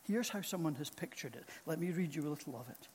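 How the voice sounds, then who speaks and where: Solemn preacher guy, kinda high voice, long church echo. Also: lively intonation, darkish tone. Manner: slow, solemn and earnest. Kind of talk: sermon. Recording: long reverb of a large hall.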